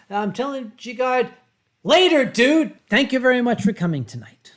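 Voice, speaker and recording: A man's voice: extremely high pitch, sing-song, a bit bright. Guy from pennsylvania on a webcam stream at home, chatty and theatrical, stretches words out for effect. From Pennsylvania, USA. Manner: theatrical storyteller, drawn-out dramatic emphasis. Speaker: livestream host. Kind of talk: casual livestream chat, reading viewer comments.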